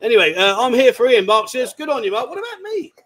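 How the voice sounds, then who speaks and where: A man's voice: extremely high pitch, quick pace, fairly bright tone, low-quality recording. A man hosting a livestream from a bar, chatting casually, teasing and rambling. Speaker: livestream host. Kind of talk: casual banter. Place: bar, indoors.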